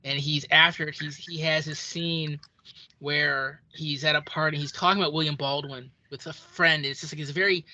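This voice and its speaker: A podcast co-host chatting casually about films, telling scenes in an animated way and acting out quoted lines. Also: mid-range voice, normal speed, no room sound, highs cut off. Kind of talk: casual film chat.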